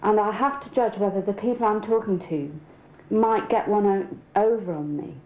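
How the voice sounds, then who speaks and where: A woman's voice: medium pitch, normal speed, roomy sound, phone-quality sound. A woman with a Sheffield accent speaking frankly and thoughtfully in a documentary conversation. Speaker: interviewee.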